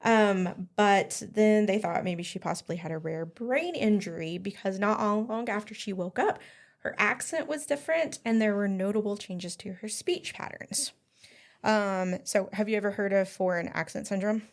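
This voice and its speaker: A woman's voice: mid-range voice, normal speed. Chatty woman podcast host, lots of ums, giggles while she tells a story. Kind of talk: casual chat telling a story.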